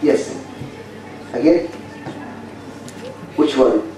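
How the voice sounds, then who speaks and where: A man with an Egyptian Arabic accent gives a university phonetics lecture in a large hall, bluntly repeating points and drilling the class. He speaks very slowly at a medium pitch with a warm tone. The recording comes from a distant mic in a very echoey hall, with faint hiss.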